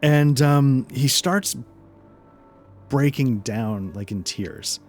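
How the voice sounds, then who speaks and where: Male game master, mid-pitched, rambling narration full of ums and restarts, faint music under him. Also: animated, very slow. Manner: rambling, hesitant narration with many fillers.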